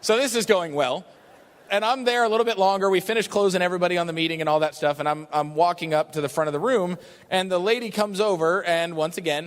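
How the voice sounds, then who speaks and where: High-voiced man telling stories in a big hall. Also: fairly quick. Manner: chatty, animated, keeps asking "right?". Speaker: business opportunity speaker. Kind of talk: storytelling talk to an audience. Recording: long reverb of a large hall.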